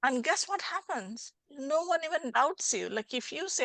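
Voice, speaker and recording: A woman's voice: high voice, lively intonation, fairly quick, few pauses, a bit bright, no room sound. A middle-aged woman hosting a podcast as a life coach, talking animatedly and acting out little scenes in dialogue. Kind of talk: casual interview chat.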